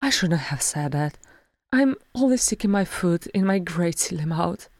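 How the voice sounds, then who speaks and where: A woman reading aloud, voicing a fretful, gentle male hobbit who quavers and frets over his words. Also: on the low side, animated, normal speed, dry recording, clean studio sound. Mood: apologetic. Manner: flustered, quavering.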